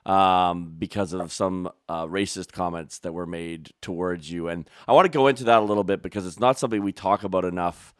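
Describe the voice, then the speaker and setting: Smooth low-voiced man hosting an interview. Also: fairly quick, hardly any pauses, no room sound, clean studio sound. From Canada. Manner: attentive, frequent short agreements. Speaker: podcast host. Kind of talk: conversational interviewing.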